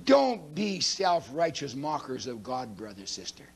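With a mid-range voice and a very animated delivery, the preacher moves from loud declarations to hushed asides. He is emphatic and preachy throughout, reading scripture aloud rapidly.

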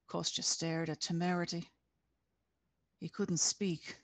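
Lady author reading her book real slow, dry close sound, video call. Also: fairly low pitch, steady tone, dry recording. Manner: measured, deliberate. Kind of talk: expressive reading aloud.

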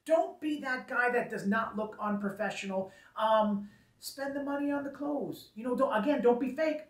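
A man's voice: very high voice, normal speed, recorded from a distance. Man, wedding photographer type; emphatic casual advice, hammers points home by repeating them; roomy sound, a bit away from the mic. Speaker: wedding photographer giving business tips. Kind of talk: casual advice talk to camera.

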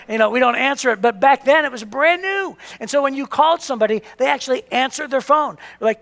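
A male pastor in his fifties delivers a sermon in a long-echoing church hall. His voice sits very high for a man, with a gravelly edge, and he tells stories animatedly, acting out the voices. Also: fast, hardly any pauses. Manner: animated storytelling, acts out voices.

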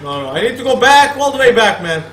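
A man giving profane, excitable commentary while playing a horror game, swearing and talking back at the characters on screen. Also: extremely high pitch, fast, roomy sound, a little hiss or hum, low-quality recording. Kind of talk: profane let's play commentary.

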